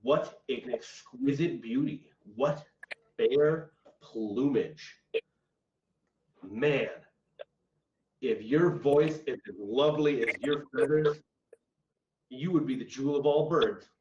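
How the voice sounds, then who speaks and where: A man voicing a cunning, hungry male fox who flatters smoothly, in a dull, echoey recording from far off. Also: medium pitch, slow, long pauses, slight background noise, lightly acted. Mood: scheming.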